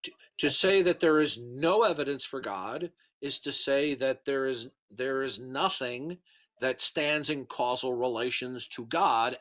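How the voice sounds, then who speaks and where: A man's voice: mid-range voice, a bit bright. A man lecturing in a casual voice chat, scornful and repetitive, with hiccups. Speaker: Christian apologist in voice chat. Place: online voice chat.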